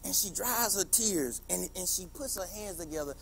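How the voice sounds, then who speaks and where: A man, a teacher, giving a passionate motivational speech, telling stories and building to emphatic shouts. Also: sits high, animated, normal speed, gravelly, a little hiss or hum.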